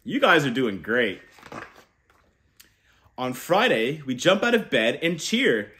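A man's voice: medium pitch, very animated, takes it slowly, sharp tone. A man reading a children's picture book aloud and leading kids in call-and-response chants. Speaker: children's storyteller.

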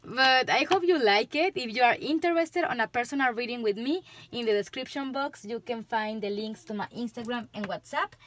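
A woman's voice: on the high side, normal speed, hardly any pauses, a bit bright. A woman with a Spanish accent giving a tarot reading to camera, chatting loosely and laughing often. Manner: giggly, chatty, loose rambling. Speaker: tarot reader.

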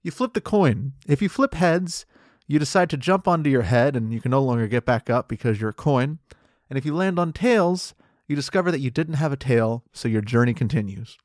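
A young man hosting a comedy podcast, rambling through absurd narration and a mock interview in a deadpan way. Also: mid-range voice, fairly quick, dry recording, studio quality.

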